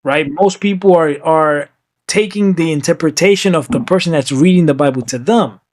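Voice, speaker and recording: A man's voice: on the high side, moderate pace, a little mellow, dry recording, studio quality. A man in casual podcast conversation, talking emphatically and often checking in with "right?", sometimes slipping into Spanish. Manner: switches into Spanish at times.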